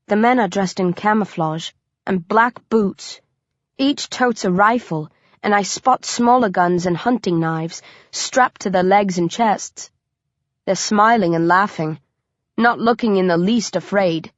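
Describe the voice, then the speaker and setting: A woman's voice: mid-range voice, measured pace, no echo. A woman reading a first-person thriller audiobook, with tense, vivid storytelling. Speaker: audiobook narrator. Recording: dry, dull lo-fi recording.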